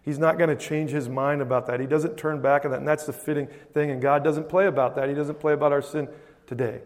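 A man preaching a sermon as a pastor, conversational and emphatic, swinging between loud and soft. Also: fairly high pitch, fairly even intonation, fast talker, big-room sound. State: choked up with emotion.

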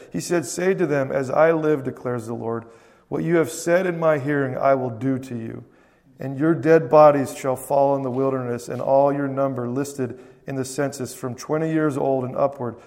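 Emphatic preacher in a reverberant hall. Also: male voice, mid-range voice. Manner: conversational preaching, emphatic, swings loud and soft. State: choked up with emotion. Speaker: pastor. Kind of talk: sermon.

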